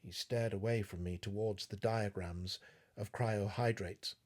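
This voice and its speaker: A man reading a classic story aloud in a measured, expressive narration. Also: on the low side. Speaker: audiobook reader.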